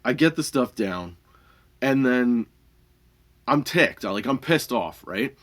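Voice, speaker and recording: A man's voice: mid-range voice, expressive, takes it slowly, fairly bright tone. Man, comedy podcast host, casual story, swears a lot, laughs between lines, rambling, heated. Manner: rambling with many restarts and fillers.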